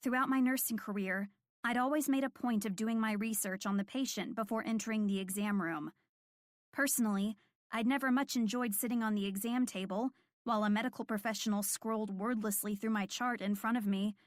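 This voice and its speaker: Woman, audiobook narration, calm, measured, clear diction, fairly high voice, dry close sound. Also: dry recording. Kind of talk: scripted first-person audiobook narration.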